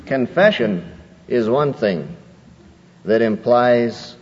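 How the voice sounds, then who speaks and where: Male preacher, animated sermon, wide swinging pitch, long hall reverb, muffled old recording, faint hiss. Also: normal speed. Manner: animated, acts out quoted excuses in a higher voice.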